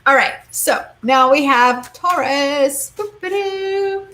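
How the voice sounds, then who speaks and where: A young woman reading tarot cards in a casual live-stream chat, quick and chatty, saying "like" and "okay?" a lot. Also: on the high side, fairly bright tone. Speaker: tarot card reader.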